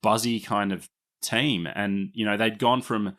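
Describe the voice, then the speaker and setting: An Australian man with a fairly low voice hosts a casual history podcast. He explains things at length in a chatty, good-humoured way and laughs easily. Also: steady tone, unhurried, a bit bright. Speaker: podcast host.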